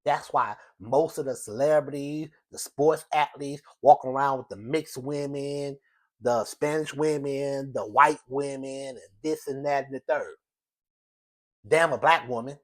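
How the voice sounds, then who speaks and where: A man's voice: mid-range voice, measured pace. Emphatic man delivering a rambling monologue. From United States. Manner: emphatic, repetitive, rambling with restarts. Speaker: show host. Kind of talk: opinionated solo monologue.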